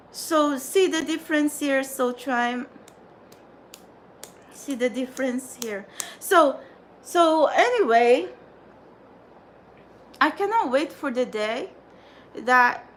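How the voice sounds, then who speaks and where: A woman's voice: sits high, a little hiss or hum. A woman hosting a tarot livestream, ranting in an exasperated, repetitive, scolding way at her viewers. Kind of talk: frustrated livestream rant.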